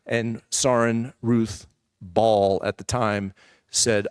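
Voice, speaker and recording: A man's voice: on the low side, little pitch movement, extremely slow, clean tone, dry recording, clean studio sound. A man preaching a sermon as a personal testimony, telling his story candidly and conversationally with asides to the congregation. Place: church.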